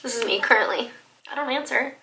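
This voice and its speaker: A woman in her twenties telling a storytime vlog in an excitable, animated way, full of likes and laughter. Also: a little high, a little fast, noisy background. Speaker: vlogger.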